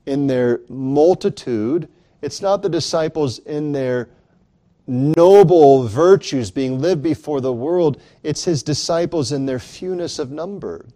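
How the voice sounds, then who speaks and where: A man's voice: fairly high pitch, mellow. A man preaching a sermon in an earnest, emphatic way, rising dramatically on key lines.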